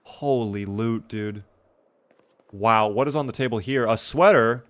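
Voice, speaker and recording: Yawning and worn out, a young man gives casual live-stream commentary while playing a survival game, naming viewers as he thanks them. He speaks at a measured pace in a fairly low voice.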